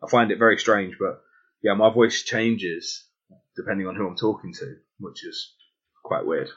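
A man with a London accent chats casually, stopping and restarting his sentences. His voice is low and husky. The audio is dull and lo-fi. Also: fairly even intonation, moderate pace, a bit bright. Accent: London English. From England. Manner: chatty, hesitant, many restarts. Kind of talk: casual chat.

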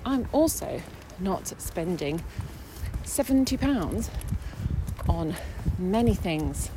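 A woman's voice: fairly low pitch, big pitch swings, slow, noisy background. A young woman vlogging, telling her day in a chatty, sarcastic way. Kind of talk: casual chat.

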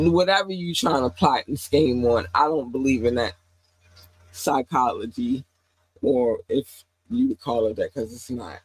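A husky-voiced woman hosts a podcast of casual celebrity gossip. She speaks bluntly and profanely and keeps checking in with her listeners. The sound is dry and close. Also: low voice, no echo, rough recording. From Baltimore. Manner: blunt, profane, keeps asking "you feel me". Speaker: podcast host.

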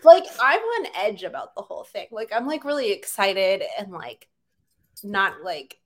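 A woman's voice: mid-range voice, sing-song, measured pace. A young woman co-hosting a casual movie chat, rambling with many fillers and bursts of laughter. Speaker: podcast co-host.

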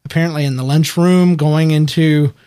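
Rambling, animated man podcaster. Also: a little high, moderate pace, smooth. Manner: rambling, animated, frequent restarts. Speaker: podcast co-host. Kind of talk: casual show recap chat.

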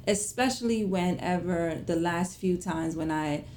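Emotional, animated woman telling a story. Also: measured pace, slight background noise. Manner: emotional, animated retelling with big pitch swings; conversational, colloquial phrasing. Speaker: small business owner. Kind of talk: casual storytelling to viewers.

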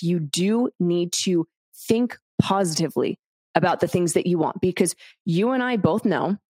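A woman's voice: medium pitch, darkish tone, dry recording. Straight-talking woman host, talks right to the listener, dry booth sound. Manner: blunt and candid, swears casually, addresses the listener directly. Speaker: podcast host. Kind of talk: solo podcast monologue.

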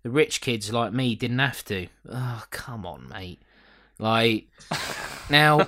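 Bright, sweary, laughing male host. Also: on the low side. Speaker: podcast host. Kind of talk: casual chat recapping a TV episode.

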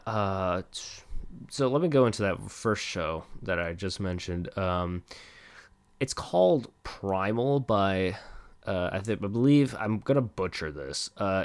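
A low-voiced podcast host rambles through a casual solo episode from his home desk, recorded dry on a close desk mic. He's animated but slow-paced, self-deprecating, and swears a lot.

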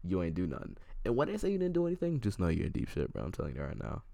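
Deep-voiced young man telling a rambling story. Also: wildly swooping pitch, rapid-fire, vocal fry, dark tone, dry recording. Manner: rambling, restarts often, acts out both sides of text exchanges. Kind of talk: casual storytelling chat.

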